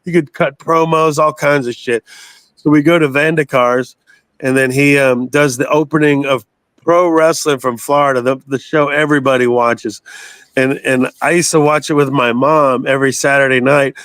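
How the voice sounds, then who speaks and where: A man's voice: mid-range voice, fairly even intonation, moderate pace, a bit bright, dry recording. A man in his sixties from the United States, a guest telling long rambling stories in a casual interview and swearing freely. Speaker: guest, metal singer.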